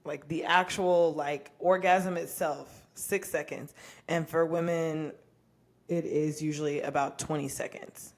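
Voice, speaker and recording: A woman's voice: sits low, steady tone, unhurried. A young woman co-hosting a casual podcast, talking candidly and with profanity, often laughing. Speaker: podcast co-host.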